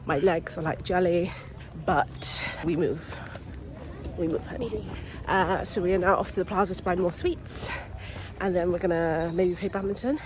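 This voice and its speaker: A woman's voice: lowish voice, a little fast, noisy background. A young woman, chatting casually to the camera in a vlog, giggly and full of "like". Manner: chatty, giggly, uses "like" a lot. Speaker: vlogger.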